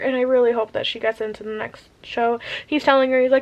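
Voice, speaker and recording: A woman's voice: on the high side, flat delivery, a little fast, hardly any pauses, highs cut off. A young woman chatting casually about a book she is reading, gushing and rambling, sometimes dropping to a whisper. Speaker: reading vlogger.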